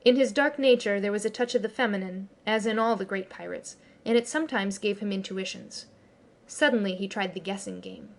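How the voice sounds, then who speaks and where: A woman narrating a classic children's story as an audiobook reader, with expressive storytelling. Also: mid-range voice, a little fast. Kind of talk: scripted narration.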